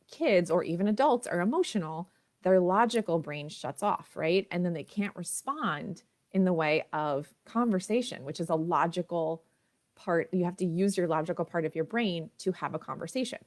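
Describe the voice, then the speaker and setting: Chatty woman hosting a parenting livestream. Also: fairly low pitch. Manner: warm, chatty, laughs often. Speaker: parenting coach. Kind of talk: livestream talk to viewers.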